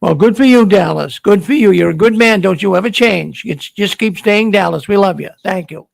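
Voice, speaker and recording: Boston guy hosting a call-in show, friendly, keeps restarting lines, raspy high voice. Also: normal speed, dry recording. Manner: friendly, repetitive, stammering restarts. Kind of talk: casual call-in show chat.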